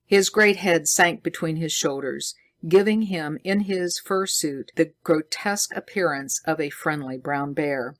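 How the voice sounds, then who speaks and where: A woman reading a science fiction story aloud slowly and deliberately for English learners. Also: deep voice.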